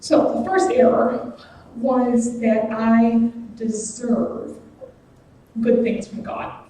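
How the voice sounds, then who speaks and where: Here a woman's fairly high, mellow voice stays steady as she preaches as a guest in a church sanctuary. She talks earnestly and personally, taking her time and choosing each word with care. The sound comes from a distance, echoing through the hall over faint noise.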